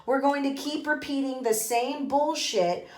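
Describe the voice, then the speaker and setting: Woman, book podcast host, casual rambling talk, emphatic, swears a lot, slightly high voice, echoey bathroom. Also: a little slow, a little mellow. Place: bathroom, in a bathtub.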